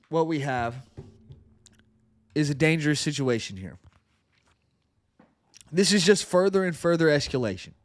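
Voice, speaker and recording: Male podcast host, earnest commentator, slightly high voice, dry booth-like sound, stumbles and repeats himself. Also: no room sound. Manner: earnest, repeats words when stressing a point. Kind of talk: political commentary.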